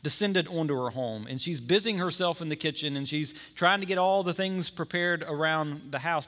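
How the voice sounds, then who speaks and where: Bright, conversational male pastor preaching. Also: a little high. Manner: conversational preaching with acted-out scenes. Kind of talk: sermon.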